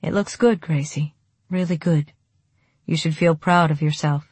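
A woman voicing a gentle, encouraging adult husband in her own lowish voice. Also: unhurried, slightly rough, no room sound. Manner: gentle, warm praise.

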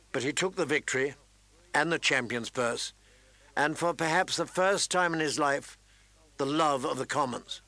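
A man reading a story aloud as narrator, with dramatic emphasis and raised voice for shouted lines. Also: fairly high pitch, dry recording. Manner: reads with dramatic emphasis, raising voice for shouted quotes. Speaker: audiobook narrator. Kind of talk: scripted narration.

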